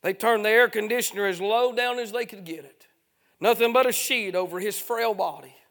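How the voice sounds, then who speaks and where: Male preacher, high gravelly voice, chanted revival delivery with "uh" fillers. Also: fairly bright tone. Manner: chanting, drawn-out phrases with frequent "uh". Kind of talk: fiery revival sermon.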